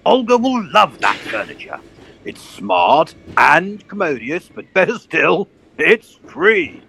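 A man's voice: fairly high pitch, slow pace, gravelly, a little hiss or hum, exaggerated voice. A man playing a pompous, blustering old colonel who hunts for bargains. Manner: blustering, posh, excitable.

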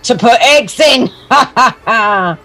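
Talking fairground wheel, voiced by an actor, male, unhurried, pun-loving prankster for a kids' story, soft music underneath. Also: mid-range voice, lively intonation. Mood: giggling. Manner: slow, drawn-out, punning and teasing. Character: talking big wheel, male, bored then giggly trickster. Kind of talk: children's audio story acting.

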